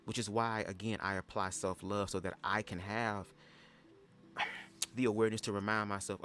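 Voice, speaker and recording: A man's voice: fairly low pitch, brisk, a bit bright, a little hiss or hum. A young man giving sassy, chatty commentary on a livestream, often calling listeners "girl". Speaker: livestream host reading a book aloud.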